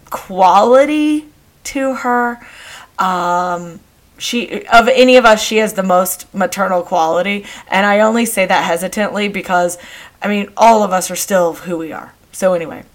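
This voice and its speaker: A middle-aged woman hosting a podcast, telling family stories in a chatty, meandering way with frequent pauses and restarts. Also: mid-range voice, fairly bright tone. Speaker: podcast host. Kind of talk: casual storytelling monologue.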